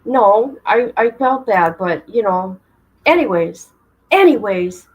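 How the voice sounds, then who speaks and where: A woman's voice: medium pitch, expressive, slow, husky, rough recording. A woman hosting her own livestream, chatting casually and greeting viewers by name while she fumbles with her setup. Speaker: livestream host.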